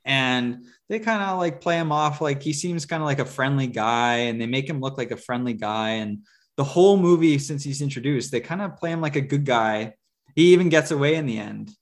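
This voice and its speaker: Animated and a little fast, a man with a medium-pitched voice co-hosts a podcast, chatting loosely about movies as a casual review. He rambles, with lots of ums, fillers, and restarts.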